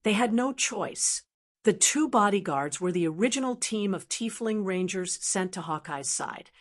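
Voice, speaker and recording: A woman narrating a translated fantasy novel as an audiobook in a steady, even reading voice. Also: medium pitch. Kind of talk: scripted narration.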